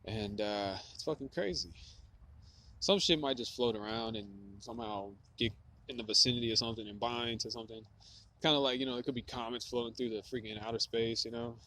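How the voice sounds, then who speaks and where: A man's voice: medium pitch, steady tone, a little fast, sharp tone, low-quality recording. A man rambling in a stream-of-consciousness monologue, musing and swearing, with lots of filler words. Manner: profane, musing, heavy on filler "like". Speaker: vlogger. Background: running water.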